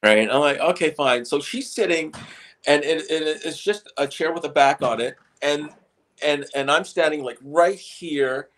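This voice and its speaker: A man's voice: fairly high pitch, unhurried, fairly bright tone. A middle-aged man, a stage hypnotist, telling stories in a casual interview and often repeating and restarting his words.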